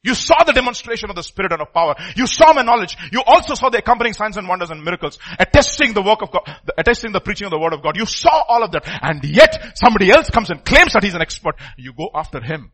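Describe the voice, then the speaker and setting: A pastor preaching a sermon emphatically, his voice swinging from loud outbursts to hushed asides. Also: sits high, sing-song, fast talker, few pauses.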